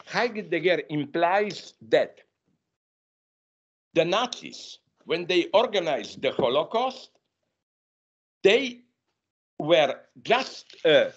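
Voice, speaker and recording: A man giving a masterclass lecture, talking in an animated, digressive way and often correcting himself mid-sentence. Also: on the high side, extremely slow, pauses often, slightly rough. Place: university lecture room. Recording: dull lo-fi lecture recording.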